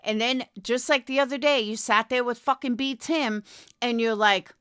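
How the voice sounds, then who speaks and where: A woman's voice: fairly high pitch, fairly even intonation, normal speed, a bit bright, clean tone, no echo, clean studio sound. A woman commentary creator delivering a profane, contemptuous callout rant, confrontational throughout. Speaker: commentary YouTuber.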